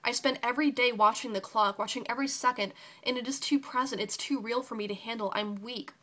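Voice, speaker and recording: Young woman narrator, bright tone, raw intense personal story reading. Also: a little high, steady tone, fairly quick.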